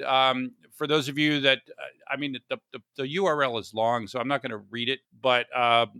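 A man's voice: medium pitch, bright, forceful tone, smooth, no room sound, studio quality. A man from Florida hosting a podcast in a chatty, joking way, often restarting his sentences. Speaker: podcast host. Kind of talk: casual podcast chat.

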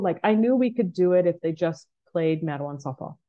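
A woman coach telling a podcast story with a lowish, mellow voice. She acts out quotes from the game in lively bursts. The sound is a bit dull and lo-fi. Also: fairly quick. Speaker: softball coach.

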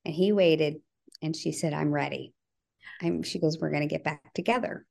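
A middle-aged woman, a podcast guest, telling a personal family story earnestly and acting out the dialogue, her voice sinking low at the heavy parts. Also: steady tone, moderate pace, vocal fry, darkish tone. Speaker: podcast guest, bereaved mother.

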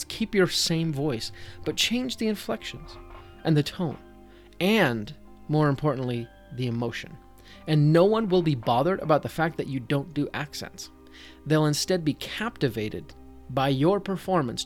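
A man with a slightly high voice talks straight to the listener, giving scripted tips on running tabletop games. His delivery is conversational and direct. Soft music plays faintly underneath. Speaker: podcast host, dungeon master.

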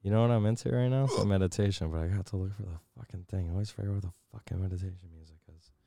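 Low-voiced joking man. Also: racing, vocal fry, dark tone, no room sound, studio quality. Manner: joking, swearing, drifts into mock-solemn narration. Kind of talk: casual chat.

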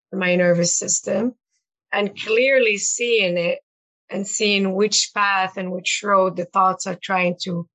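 A woman's voice: medium pitch, fairly bright tone, low-quality recording. Reflective woman guest, earnest. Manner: reflective, earnest, many fillers and repeats. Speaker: guest, life coach. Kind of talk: conversational interview.

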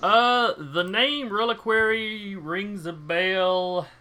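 A man running a tabletop role-playing game, narrating in a chatty, relaxed way. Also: sits high, takes it slowly. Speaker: game master.

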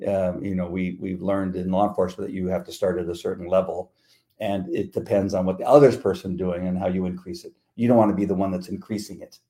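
A man's voice: sits low, level tone, quick pace, warm tone. A middle-aged man co-hosting a podcast, chatting casually and acting out quotes as he tells stories. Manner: laid-back storyteller, acts out quotes. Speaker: podcast co-host. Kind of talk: casual chat.

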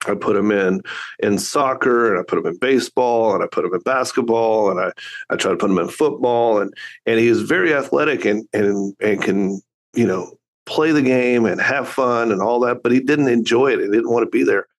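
A man's voice: mid-range voice, normal speed. Earnest middle-aged man telling a story. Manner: earnest, reflective. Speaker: podcast guest, father and coach. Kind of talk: casual conversational storytelling.

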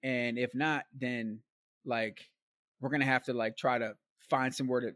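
A man with a mid-range voice speaks at normal speed with no room sound in the recording. He's the guest storyteller here, winding casually through a long tale with slang asides and a steady stream of "like," "man" and "bro."

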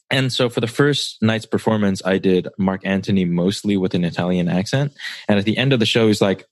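Deep-voiced man in casual chat. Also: brisk, a little mellow, no room sound. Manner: laid-back, swears, tells stories with laughs. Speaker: podcast co-host.

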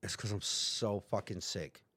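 Low-voiced man telling a rough story. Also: fairly even intonation, a little slow, bright, forceful tone, no echo, clean studio sound. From United States. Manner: profane, acts out other people's lines in quotes. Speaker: podcast guest. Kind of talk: casual storytelling.

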